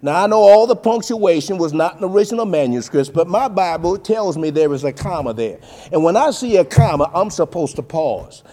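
A man preaching a sermon, reading scripture and calling his listeners "folks", with a sing-song cadence that swings between soft, low passages and loud, emphatic bursts. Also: animated, a little fast. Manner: keeps addressing listeners as folks.

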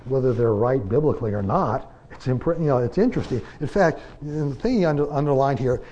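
A man teaching a Bible class in a conversational preaching style, asking rhetorical questions and pressing his points with emphatic swings in loudness. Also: medium pitch, lively intonation, brisk, dull audio, a little hiss or hum.

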